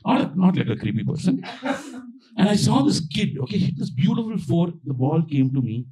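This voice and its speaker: A young Indian stand-up comedian with a voice on the high side tells a story fairly quickly, acting out the people in it in quoted voices. His animated set takes place before a live audience at a small outdoor backyard venue, and the recording is rough.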